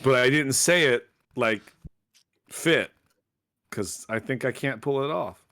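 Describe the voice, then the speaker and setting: A man's voice: medium pitch, takes it slowly, a bit bright, no room sound. A man co-hosting a podcast, chatting casually in a bemused, questioning way. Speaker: podcast co-host.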